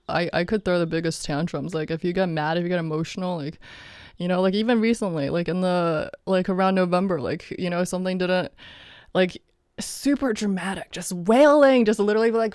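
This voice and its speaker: A woman's voice: mid-range voice, no echo, clean studio sound. Laughing, rambling woman vlogger. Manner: laughs often, rambling with many fillers. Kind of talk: casual reflective vlog monologue.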